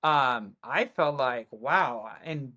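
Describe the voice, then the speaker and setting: A woman from Germany, a guest actress talking excitedly about her career in a casual interview, with frequent restarts. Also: deep voice, moderate pace.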